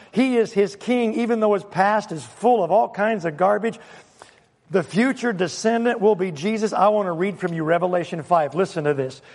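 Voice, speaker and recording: Casting: male pastor, scratchy throat, high voice, emphatic sermon delivery, long church-hall reverb. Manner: animated, emphatic preaching with sudden loud exclamations.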